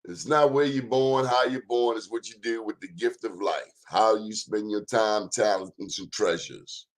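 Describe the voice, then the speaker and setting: A man's voice: fairly low pitch, normal speed. Male talk-show host; blunt, sermon-style delivery. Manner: emphatic, sermon-like, plainspoken and blunt. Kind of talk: preachy talk-show monologue.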